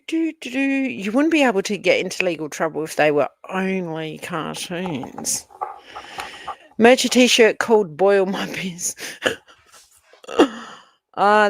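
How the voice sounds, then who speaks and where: A woman's voice: fairly low pitch, no echo. A woman with an Australian accent, Italian her first language, hosting a casual livestream and chatting as she reads comments. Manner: chatty, rambling, laughs often. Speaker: livestream host.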